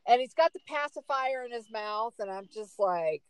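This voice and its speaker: A middle-aged woman telling a story in casual chat, emphatic and animated. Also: moderate pace, clean tone, no room sound, rough recording. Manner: animated, emphatic storyteller with big swings in pitch.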